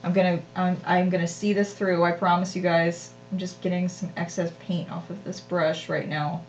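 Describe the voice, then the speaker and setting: A woman's voice: fairly low pitch, level tone, normal speed, slight background noise. Chatty self-deprecating woman crafter, lo-fi. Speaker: craft channel host. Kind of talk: live-stream crafting chat.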